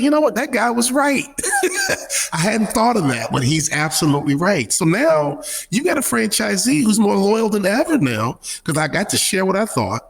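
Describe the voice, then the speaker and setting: Middle-aged male guest, emphatic motivational delivery, lively swooping pitch, gravelly edge. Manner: emphatic, acts out quoted voices, preacherly rhythm. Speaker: guest speaker, former pro athlete and business advisor. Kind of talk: animated interview talk.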